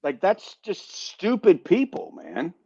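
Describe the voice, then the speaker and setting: This veteran podcast host's ordinary-pitched voice is husky with vocal fry, and he takes his time. He recounts a story with animation, swearing and repeating words as he stumbles, captured on a dry, somewhat dull lo-fi-sounding recording.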